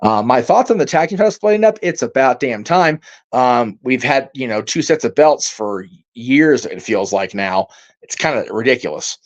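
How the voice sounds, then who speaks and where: A man's voice: medium pitch, animated, normal speed. A man hosting a casual livestream, reading out viewer comments and reacting in a rambling, heated way, swearing freely and using many fillers. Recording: dull lo-fi stream audio.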